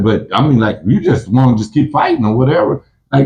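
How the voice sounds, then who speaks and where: A man's voice: mid-range voice, big pitch swings, fairly quick, hardly any pauses, a little mellow, lo-fi sound, a little hiss or hum. A man telling prison stories in casual talk, full of street slang and restarts, who acts out both sides of a fight in a raised voice. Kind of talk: casual storytelling.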